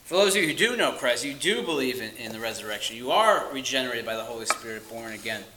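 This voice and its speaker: A man's voice: mid-range voice, lively intonation. Earnest male preacher in an echoey room. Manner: earnest, emphatic, with slow stressed phrases and dropping to quiet asides. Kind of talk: sermon.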